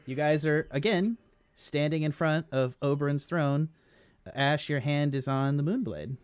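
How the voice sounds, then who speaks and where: A man's voice: fairly high pitch, a little slow, clear, resonant tone. A man running a tabletop game as game master, narrating with frequent fillers and self-corrections.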